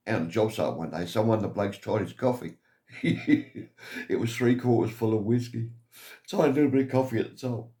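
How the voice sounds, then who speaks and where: A man's voice: on the low side, darkish tone. An English man vlogging casual stories in a rambling way, chuckling at his own tales. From England. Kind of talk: casual anecdotal storytelling.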